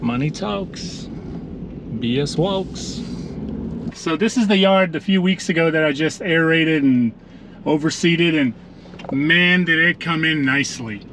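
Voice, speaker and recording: A man's voice: on the high side, normal speed, background noise. Chatty man vlogging outdoors. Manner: chatty, storytelling, addresses viewers as ninjas. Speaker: lawn care vlogger. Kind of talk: casual vlog narration. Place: outdoors at a yard.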